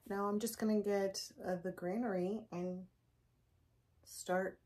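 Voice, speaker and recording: A woman narrating a casual home crafting vlog, thinking aloud as she works and keeping her voice hushed so a napping child won't wake. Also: medium pitch, fairly even intonation, takes it slowly. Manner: thinking aloud while working with her hands. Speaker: home decor vlogger.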